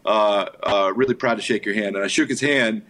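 A filmmaker guest in a casual interview, this man has a lowish voice and talks briskly. He tells animated anecdotes packed with fillers and acts out other people's voices as he quotes them.

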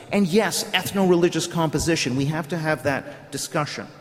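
A middle-aged man giving a prepared conference speech, arguing his case in a lecturing way with rhetorical questions. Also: on the high side. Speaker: conference speaker. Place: conference hall. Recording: long hall reverb.

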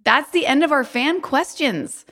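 A woman's voice: high-pitched, measured pace, fairly bright tone. A woman co-hosting a podcast in casual chat, bubbly and giggly. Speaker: podcast co-host.

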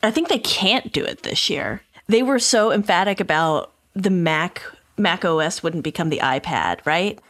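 Emphatic woman with a lowish voice. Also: expressive, moderate pace, fairly bright tone. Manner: emphatic, playful. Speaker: tech editor, podcast guest. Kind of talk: casual panel chat.

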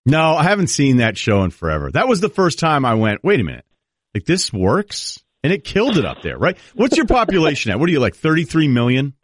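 A man's voice: on the high side, wildly swooping pitch, fairly quick, dry recording, studio quality. A man hosting a talk show, chatting loosely and joking with his guest. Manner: easygoing, joking, trails off and restarts. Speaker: host. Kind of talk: casual chat.

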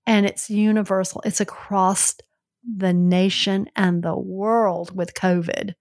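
A woman's voice: medium pitch, fairly even intonation, takes it slowly, a little mellow. A woman with a Southern accent co-hosting a casual podcast with her son, talking in an earnest, reflective way. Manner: earnest, reflective, laughs easily. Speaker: co-host, mother.

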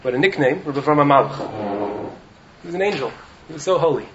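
A rabbi's brisk, slightly high, somewhat raised voice carries through a muffled, lo-fi recording with faint background noise. He's teaching Torah to yeshiva students in a study hall, animated and repeatedly checking in with "right?".

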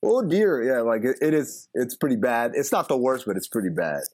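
Podcast cohost guy, animated up and down voice, laughs a lot. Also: medium pitch, brisk. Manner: animated storyteller, laughs often. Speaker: podcast co-host. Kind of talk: casual chat.

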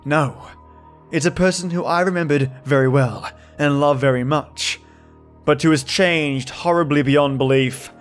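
Man, scripted horror narration, first person, measured, tense, fairly high voice, faint background music.

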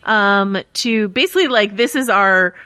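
A woman's voice: mid-range voice, measured pace, sharp tone, no room sound. A woman hosting a podcast in casual chat, talkative and laughing, with lots of fillers. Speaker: podcast host.

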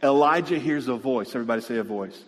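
Animated preacher man in a reverberant hall. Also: mid-range voice, quick pace. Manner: animated, calls out to the congregation. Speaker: pastor. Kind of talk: preaching a sermon. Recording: long reverb in a church hall.

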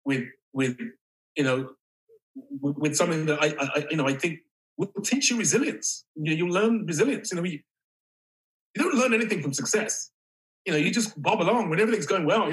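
A male actor speaking as an interview guest, halting and reflective, with casual swearing. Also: fairly high pitch, expressive, low-quality recording. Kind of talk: candid interview conversation.

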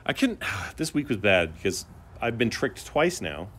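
A middle-aged man co-hosting a podcast, telling stories in a chatty, animated way. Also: fairly low pitch, a little slow, slight background noise. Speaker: podcast co-host. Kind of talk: casual chat.

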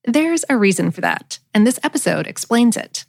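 A woman hosting a podcast, reading a scripted intro and credits in a brisk, friendly manner. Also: fairly high pitch, big pitch swings, vocal fry, over music. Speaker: podcast host.

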